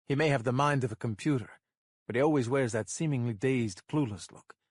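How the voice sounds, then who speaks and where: A man narrating a thriller audiobook in a measured, even way. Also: mid-range voice, husky, dry recording, studio quality.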